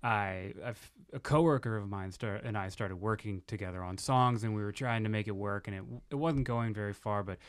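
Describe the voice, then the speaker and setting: Podcast host dude telling a story, chill, a bit low voiced. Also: male voice, brisk, few pauses, clear, resonant tone. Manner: relaxed storyteller, swears, trails off and restarts. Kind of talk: casual chat.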